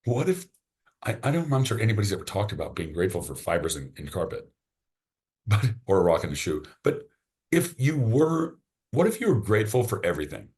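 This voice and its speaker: A man's voice: on the low side, sing-song, fairly quick, a little mellow. A man, a podcast guest, chatting casually and enthusiastically, often restarting his sentences. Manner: enthusiastic, rambling, repeats words when starting sentences.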